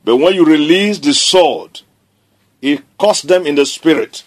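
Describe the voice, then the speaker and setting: A man's voice: a little high, unhurried. A man preaching a sermon, declaring scripture emphatically and repeating key phrases.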